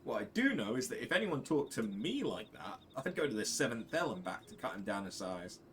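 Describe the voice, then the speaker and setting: A man's voice: mid-range voice, very animated, a little fast, fairly bright tone, slight background noise. A man voicing a brash, tough woman adventurer, reading game dialogue aloud in a blunt, scornful, slangy way.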